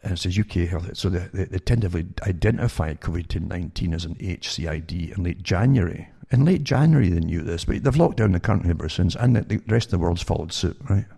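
A man's voice: deep voice, animated, fast, vocal fry, hardly any pauses, warm tone, husky. A man giving rambling commentary to his listeners, with many restarts and rhetorical questions. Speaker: online commentator reading news articles.

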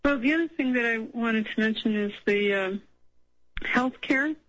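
A woman from Colorado calling in to a radio show on the phone, speaking hesitantly with many pauses and ums. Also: a little high, a bit bright, dry recording, highs cut off. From Colorado, USA. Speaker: caller. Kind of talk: phone-in conversation.

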